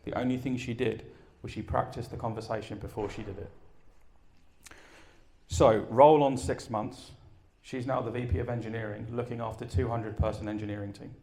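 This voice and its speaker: Male conference speaker, gravelly, energetic storyteller who asks the room questions. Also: medium pitch, moderate pace. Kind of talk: live talk and Q and A. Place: event room with an audience.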